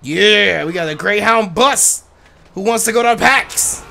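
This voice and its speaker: A man streaming a driving game live, joking loudly and crudely and yelling at the characters on screen. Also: sits high, expressive, normal speed, vocal fry, faint music behind. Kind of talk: live gameplay commentary.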